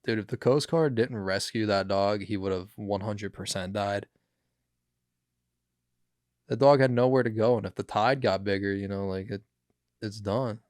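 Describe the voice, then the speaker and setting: A man's voice: lowish voice, normal speed, pauses often, darkish tone, no echo, clean studio sound. A young man hosting a podcast, chatting casually about news clips, rambling and swearing with many fillers. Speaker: podcast host.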